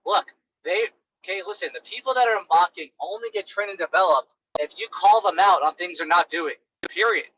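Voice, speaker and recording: High, bright-voiced man coaching bluntly. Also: fairly quick, slightly rough, poor audio. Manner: animated, blunt, many fillers like "right" and "like". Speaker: sales coach. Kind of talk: casual coaching monologue.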